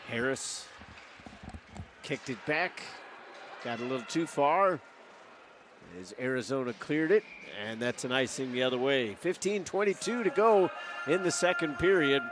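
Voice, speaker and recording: A man calling live hockey play-by-play as the game's announcer, brisk and rising to shouts on big plays. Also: medium pitch, lively intonation, noisy background. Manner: brisk, running call of the action that climbs to shouts.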